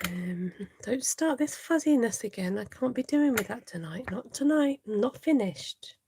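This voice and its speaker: A woman's voice: on the high side, lively intonation, normal speed, warm tone, husky. A woman hosting a live card-making tutorial, chatting to viewers and laughing often as she works.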